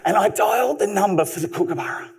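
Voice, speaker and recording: A man telling an unscripted story on stage, humorous and animated. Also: high voice, fast talker, a crowd in the background. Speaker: speaker. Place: live stage talk.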